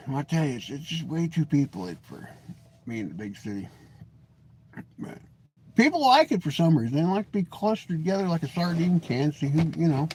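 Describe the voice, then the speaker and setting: A folksy man from Washington state chats loosely on a live stream and calls himself a grumpy bastard. His voice sits slightly high and swings widely in pitch. He jokes his way through stories. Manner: folksy, self-described grumpy, joking; lively pitch swings, mimics voices in anecdotes. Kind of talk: casual rambling live stream chat.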